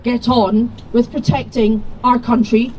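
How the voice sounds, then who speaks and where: A woman politician giving a formal, measured speech at an outdoor rally. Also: a little high, little pitch movement, darkish tone, slight background noise, poor audio.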